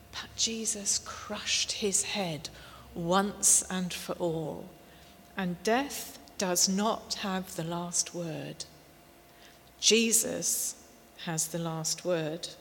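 A woman preaching a sermon, slow and emphatic, with warm storytelling asides. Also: mid-range voice, gravelly. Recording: long hall reverb, faint noise.

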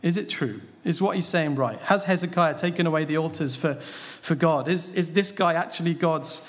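In a large hall with long reverb, a man with a fairly high voice preaches at normal speed. His sermon on a Bible passage is conversational, and he asks his listeners rhetorical questions.

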